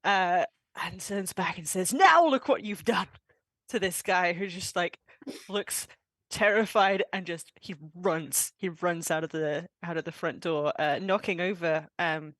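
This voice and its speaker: A woman's voice: lowish voice, steady tone, measured pace, a bit bright, dry recording. Lady GM narrating a tabletop game, upbeat, dry close sound. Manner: laughing, upbeat, fillers. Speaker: game master.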